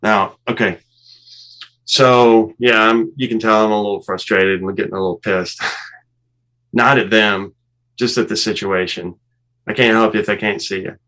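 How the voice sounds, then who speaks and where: Deep-ish voiced guy, ex fighter pilot, easygoing, talks you through the footage. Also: poor audio. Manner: relaxed, explanatory, laughs at himself. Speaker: former fighter pilot guest. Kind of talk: walking through cockpit footage.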